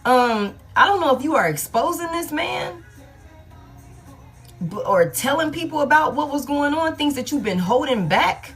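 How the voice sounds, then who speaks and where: A woman reads tarot cards in a loose, blunt, profane way, thinking out loud as she goes. Her voice sits fairly high. Soft music plays underneath her. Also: very animated, moderate pace. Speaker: tarot reader. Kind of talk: collective love tarot reading.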